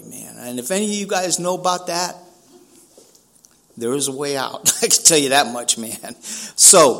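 A man's voice: sits high, fairly bright tone. A man from San Francisco giving a personal recovery talk, speaking casually with street slang, often saying "man" and acting out dialogue.

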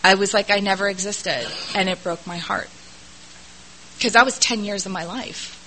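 A woman's voice: mid-range voice, normal speed, bright, forceful tone, rough recording. A middle-aged woman telling her recovery story to an audience at a meeting, candid, earnest and self-deprecating. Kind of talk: personal testimony to an audience.

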